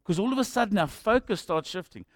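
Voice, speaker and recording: A pastor preaching a sermon in an animated, rhetorical way, with humorous asides. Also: male voice, sits high, fast talker, no room sound.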